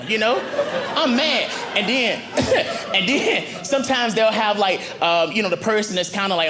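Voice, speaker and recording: A man doing a stand-up set on a comedy club stage, chatty and slangy, talking into a handheld mic. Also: high-pitched. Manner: animated, conversational, slangy. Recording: live club with audience noise.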